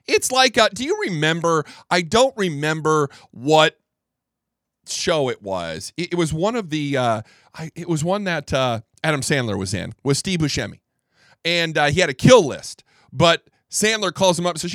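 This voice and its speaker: A man with a fairly high voice hosts a commentary show and talks with wide, swinging pitch. He sounds incredulous and keeps restarting and repeating words for emphasis, recorded dry and close to the mic. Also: very animated, moderate pace, fairly bright tone, dry recording. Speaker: podcast host. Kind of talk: political commentary.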